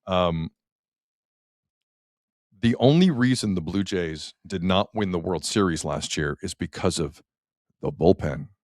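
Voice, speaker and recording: A man's voice: deep voice, animated, a little slow, long pauses, dry recording, clean studio sound. A man hosting a sports talk show, ranting emphatically with rhetorical questions in casual talk.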